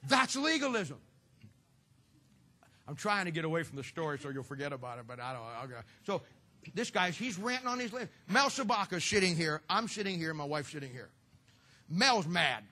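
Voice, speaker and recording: Folksy joking preacher man, bright voice. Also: fairly high pitch, very animated, normal speed. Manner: folksy, joking, sarcastic asides. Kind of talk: humorous sermon storytelling.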